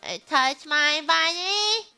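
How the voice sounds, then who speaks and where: A woman streamer in casual livestream chat, excitable and rambling, humming bits of songs between thoughts. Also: high-pitched, slow, soft background music. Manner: excitable, rambling, hums song snippets.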